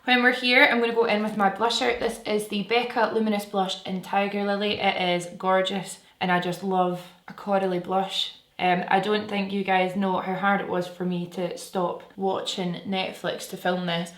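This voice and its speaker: A woman's voice: mid-range voice, little pitch movement, normal speed, hardly any pauses, fairly bright tone. Chatty woman in an echoey room. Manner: chatty, enthusiastic, talks while working. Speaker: beauty vlogger. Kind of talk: makeup tutorial chat.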